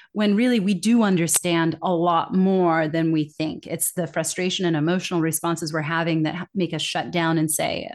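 Woman, lowish register, earnest consultant guest, reflective, conversational. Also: steady tone, moderate pace, hardly any pauses. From English-speaking country. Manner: earnest, reflective, quotes others' complaints. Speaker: accent bias consultant, guest. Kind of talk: conversational interview.

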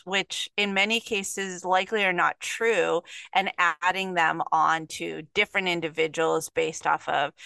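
A woman's voice: fairly low pitch, creaky, bright, forceful tone, clear, resonant tone, no room sound. A woman hosting a podcast interview, talking in a thoughtful, rambling way. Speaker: podcast host.

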